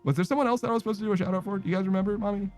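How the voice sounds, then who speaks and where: A man with a fairly high voice, talking on a live stream with faint music behind him. He rambles and trips over his own shout-outs, swearing and laughing at himself. His speech is casual and unscripted. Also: fairly even intonation, rapid-fire. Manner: keeps tacking a running joke word onto sentences, laughs and swears often.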